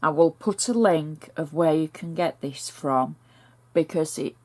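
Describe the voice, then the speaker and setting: A woman with a northern English accent walks through a handmade card, step by step. Her voice sits low and she takes her time, chatty and homely as she explains each stage of the craft. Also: a little slow, mellow. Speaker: crafter demonstrating a card project.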